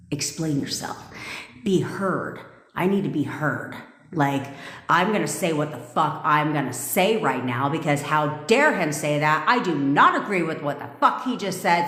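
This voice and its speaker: A low-pitched woman talks straight at her viewers, blunt and emphatic, swearing freely as she coaches them. Her voice rings in an echoey room with a long reverb tail. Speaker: manifestation coach. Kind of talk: live-stream coaching talk.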